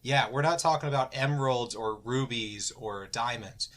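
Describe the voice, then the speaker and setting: A man's voice: medium pitch, moderate pace, a bit bright, slight background noise. A young man co-hosting a casual podcast, playful and joking. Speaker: podcast co-host. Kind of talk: casual chat.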